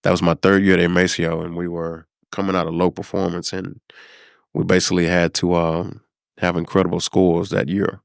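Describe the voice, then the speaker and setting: A middle-aged man from South Dallas, a podcast guest telling a personal story in an unhurried, reflective way, with many pauses and fillers. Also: low voice, flat delivery, creaky, dry recording, clean studio sound. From South Dallas, Texas. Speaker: podcast guest, former high school principal.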